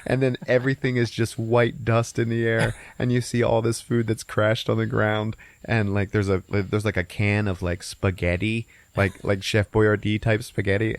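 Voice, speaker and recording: Low-voiced man recapping a movie, dry mic. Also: normal speed, hardly any pauses, dry recording. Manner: animated, profane, laughs often. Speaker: podcast host.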